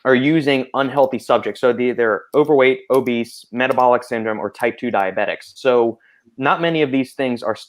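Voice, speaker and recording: A man's voice: mid-range voice, normal speed. A man hosting a panel podcast, explaining at length in casual talk full of fillers. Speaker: podcast host.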